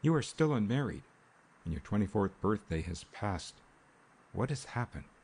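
A man reading a calm young woman. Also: lowish voice, normal speed, gravelly, husky, full character voice. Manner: calm, even.

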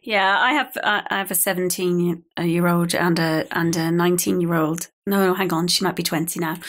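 A woman's voice: medium pitch, moderate pace, a bit bright. Easy-laughing woman podcast host. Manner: laughs easily, reflective. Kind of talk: casual interview chat.

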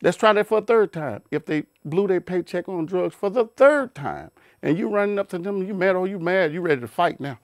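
Man preaching, emphatic, higher-pitched voice. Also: expressive, brisk, hardly any pauses, no room sound, clean studio sound. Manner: repetitive, emphatic, with rhetorical questions and many restarts. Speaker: Bible teacher. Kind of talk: informal preaching talk.

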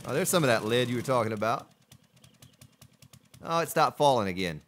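A man's voice: medium pitch, animated, brisk, a bit bright, slight background noise. A male streamer giving playful live gameplay commentary, joking with his chat and thanking donors. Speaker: game streamer.

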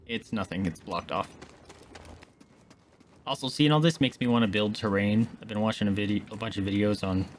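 A man streaming a video game, chatting casually and joking at the screen, often swearing when he gets excited. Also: fairly low pitch, a little fast, pauses often, a little hiss or hum. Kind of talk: casual gameplay commentary.

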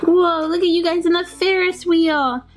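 A woman voicing a big, friendly, gentle female dog in toy play, with a sweet, eager, soft-spoken manner. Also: extremely high pitch, steady tone, normal speed, over music. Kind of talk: toy play pretend voices.

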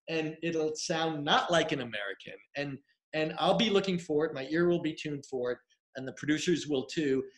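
A man's voice: fairly high pitch, a bit bright. A middle-aged man who works as a casting director and acting coach, giving candid, emphatic advice in a conversational livestream Q&A. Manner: emphatic, conversational, with filler and restarts.

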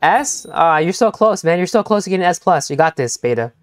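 Excitable stammering young male streamer. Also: a little high, fairly quick, no room sound, faint music behind. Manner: excitable, stammering, repeats himself. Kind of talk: live gameplay commentary.

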